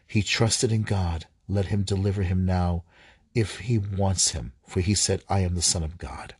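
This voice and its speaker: A man reading scripture aloud, halting at times, stumbling and rereading lines. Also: deep voice, steady tone, a little mellow, husky, dry recording. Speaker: scripture reader.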